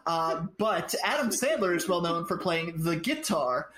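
A man's voice: a little high, lively intonation, a little slow, fairly bright tone. A young man co-hosting a podcast with dry, mock-earnest jokes. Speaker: podcast co-host. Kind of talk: casual comedic chat. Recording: echoey room.

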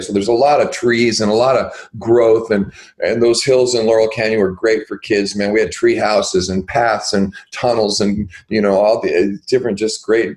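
A man's voice: lowish voice, a little mellow, low-quality recording. Older man telling a rambling life story. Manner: rambling, halting, with many fillers and restarts. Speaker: interview guest. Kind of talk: personal storytelling in an interview.

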